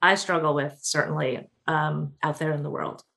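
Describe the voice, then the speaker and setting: A woman, a film producer being interviewed, telling stories in an animated way with many fillers. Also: low-pitched, normal speed, creaky. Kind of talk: conversational interview.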